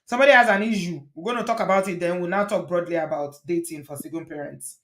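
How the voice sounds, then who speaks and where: A woman's voice: fairly low pitch, fast talker, a crowd in the background. Chatty, teasing woman hosting a live chat. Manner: chatty, teasing, laughs often. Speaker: host. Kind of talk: casual live-stream chat.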